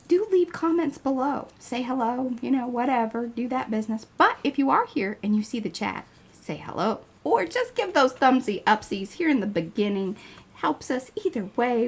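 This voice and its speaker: A woman's voice: on the high side, vocal fry, slightly rough. A woman hosting an art livestream in her home studio, chatting playfully and teasing herself. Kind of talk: casual livestream chat.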